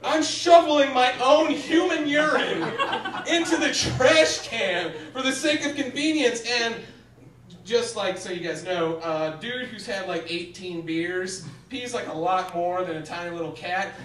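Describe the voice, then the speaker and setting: A young man doing stand-up comedy, telling animated stories with sudden shouted bits on a theater stage. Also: high-pitched, a little slow. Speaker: stand-up comic. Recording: echoey theater from a distance.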